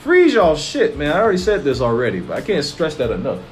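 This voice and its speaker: A man's voice: mid-range voice, racing, faint music behind. A man co-hosting a casual chat, telling joking stories and swearing freely. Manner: profane, joking, animated storyteller. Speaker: podcast co-host.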